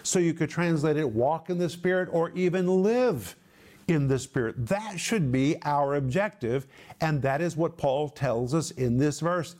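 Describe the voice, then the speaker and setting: A man's voice: on the high side, a little mellow. Emphatic man teaching the Bible. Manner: emphatic, stretching key words slowly.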